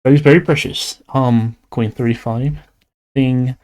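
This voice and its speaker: A man's voice: medium pitch, fairly even intonation, measured pace, darkish tone. A young man from Latin America with a Latin American Spanish accent, chatting casually and playfully on a livestream while he draws, rambling with lots of "like". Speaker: streamer and artist.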